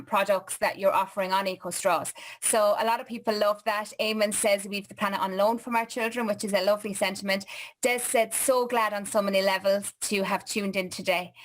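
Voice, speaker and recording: A woman's voice: medium pitch, fairly bright tone. A woman hosting a live online chat show, reading viewer comments in a chatty, upbeat way over a video call. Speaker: host.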